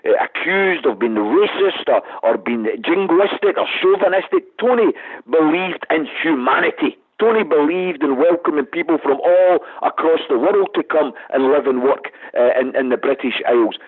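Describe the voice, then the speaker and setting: A man's voice: on the high side, expressive, normal speed, hardly any pauses, breathy edge. A Scottish man, a guest on a radio phone-in, arguing in an impassioned, combative way, heard over a tinny phone line. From Scotland. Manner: impassioned, combative, rising to emphatic outbursts.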